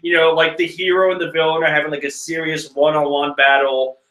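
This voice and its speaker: A man's voice: fairly high pitch, fairly quick, reverberant. A young man casually reading a comic chapter aloud and reacting with joking asides. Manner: animated, joking, chuckling asides. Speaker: comic reader and reviewer.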